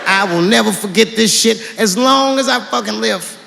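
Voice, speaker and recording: A man's voice: normal speed, creaky, big-room sound. A man doing stand-up storytelling, acting out family conversations with wide swings in his delivery. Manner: animated, swings pitch widely acting out family dialogue. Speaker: stand-up comedian.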